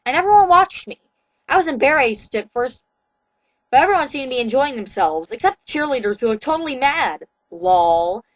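A woman reads fan fiction aloud in a deadpan style and drops in wry asides. Her voice is high and sits close to the mic, with a dry sound. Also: normal speed, no room sound, low-quality recording. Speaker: reader. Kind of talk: comedic reading of fan fiction.

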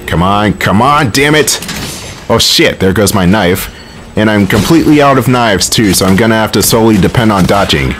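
A man with a somewhat low, animated and slightly bright voice narrates his gameplay from home in a casual let's play. He's wry, swears a lot, and flares up in short bursts of frustration, and there's a little hiss or hum on the recording.

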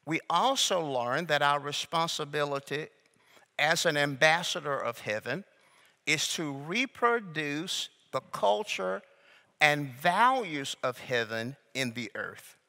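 This male preacher has a slightly high voice, bright and forceful, and he leans slowly and deliberately on key words. Coaxing his listeners to repeat lines back, he teaches amid a long hall reverb.

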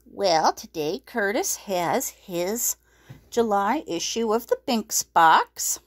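A pet channel host with a medium-pitched, expressive voice runs a casual pet unboxing vlog, speaking slowly with no room sound. She coos baby talk fondly to her rabbits and sounds a little out of breath.

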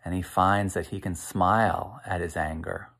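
A man reading a picture book aloud to children, asking them gentle questions as he goes. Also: low voice, fairly even intonation, normal speed, vocal fry. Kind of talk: interactive read-aloud.

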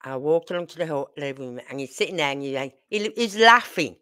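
Brummie woman, middle-aged, lowish and forceful, blunt swearing storyteller talking to camera. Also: animated, fast. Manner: blunt, salty, tells stories with acted quotes. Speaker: channel host.

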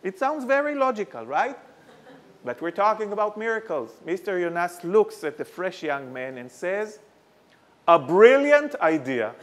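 Lively man with a higher voice. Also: normal speed. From Israel. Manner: lively, dramatic storyteller with wry asides. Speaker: guest lecturer. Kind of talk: storytelling lecture.

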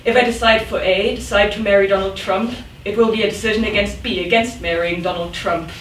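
A woman's voice: medium pitch, steady tone, fairly quick, slight background noise. A woman poet giving a live reading in a rhythmic, dramatic manner with sudden outbursts. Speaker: poet reading her work. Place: event room. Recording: echoey room, mic at a distance.

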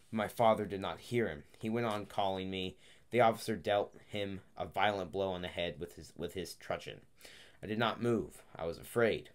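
Deep-voiced man narrating an audiobook. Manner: halting, frequent restarts and self-corrections. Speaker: audiobook reader.

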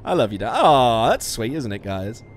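A man's voice: mid-range voice, sing-song, moderate pace, slight background noise. A man livestreaming a trucking game, chatting with his viewers, swearing and laughing at his own mistakes on a musician's mic. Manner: sweary, self-mocking, laughs a lot. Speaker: streamer. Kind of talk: casual game livestream chat. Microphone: studio musician mic.

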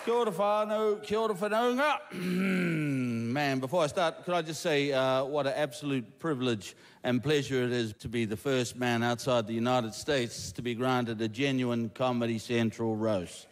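A man's voice: medium pitch, steady tone, normal speed. A man with a New Zealand accent, the guest of honour at a live roast, speaking in a mock-humble, sarcastic way. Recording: echoing hall, loud audience noise.

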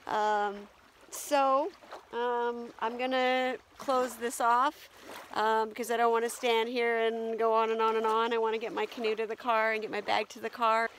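A woman filming a solo camping vlog outdoors at a lake portage, talking reflectively with many pauses and ums. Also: on the high side, flat delivery, a bit bright, a little hiss or hum.

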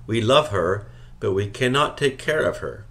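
A man's voice: lowish voice, expressive, normal speed, fairly bright tone. A man voicing a young mother who is crying as she pleads in short, broken sentences. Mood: tearful.

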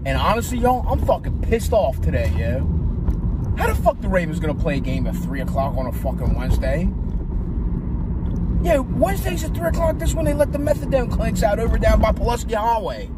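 A man doing a ranting Baltimore fan, loud street. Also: high voice, very animated, a little fast. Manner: ranting, profane, aggrieved. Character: furious foul-mouthed Baltimore sports fan. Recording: far from mic, loud traffic noise.

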